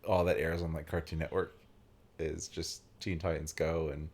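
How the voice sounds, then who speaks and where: A young man from Virginia hosts a let's play in casual, rambling chat. He fills his talk with "like" and "um" and keeps circling back to his point. His voice is very low. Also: little pitch movement, normal speed, a little mellow, husky. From Virginia, USA. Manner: rambling, full of "like" and "um". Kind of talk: casual chat while playing a game.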